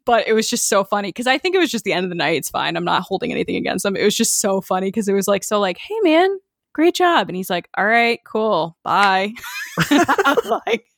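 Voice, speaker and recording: A woman in her twenties from Connecticut, co-hosting a casual chat and telling anecdotes with animated quoted voices. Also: medium pitch, fast, creaky, no echo, studio quality. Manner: animated storyteller, acts out quotes. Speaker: podcast co-host.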